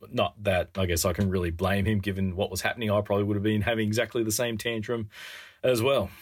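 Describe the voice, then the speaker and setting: Man, sermon, husky, earnest and wry, lifts his voice for quotes. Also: a bit bright. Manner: earnest, wry, acts out quotes with rising pitch. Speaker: preacher.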